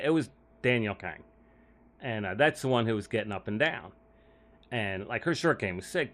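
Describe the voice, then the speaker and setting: A man's voice: mid-range voice, a bit bright. Rambling man telling caddie stories. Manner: rambling, heavy use of "like", frequent laughs. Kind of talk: casual storytelling.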